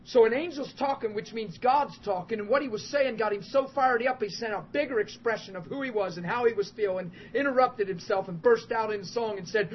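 High-pitched guy preaching a sermon, fired up storytelling, laughs a lot, dull muffled sound. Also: moderate pace. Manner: emphatic and animated, building to loud outbursts. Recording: muffled with faint background hiss.

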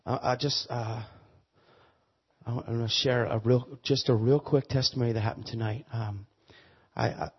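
Husky man preaching a testimony sermon. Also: medium pitch, fairly even intonation, normal speed, long reverb tail. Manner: repeats words, builds to loud emphatic preaching. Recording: muffled lo-fi sermon recording.

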